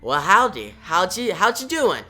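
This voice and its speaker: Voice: medium pitch, big pitch swings, a little slow, sharp tone, exaggerated voice. A comic reviewer voicing a menacing armed woman who makes folksy, drawling threats in a raised voice.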